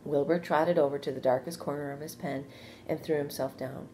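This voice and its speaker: A woman teacher reading a children's storybook aloud, steady and expressive. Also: sits low, fairly quick, a little hiss or hum.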